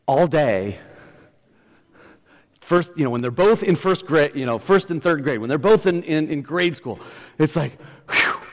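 A middle-aged male pastor preaching a sermon, telling a story with restarts and building to emphatic points. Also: on the high side. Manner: storytelling, often restarts, rises to emphatic peaks. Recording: long hall reverb.

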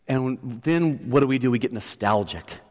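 A man's voice: mid-range voice, normal speed. Man preaching in an echoing hall. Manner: storytelling, often restarts, rises to emphatic peaks. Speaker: pastor. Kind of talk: sermon. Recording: long hall reverb.

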